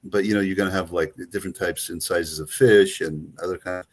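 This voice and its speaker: A man's voice: deep voice, steady tone, brisk. A man with a Greek accent co-hosting a travel chat, rambling with lots of fillers and restarts. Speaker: co-host, travel agent. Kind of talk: casual chat.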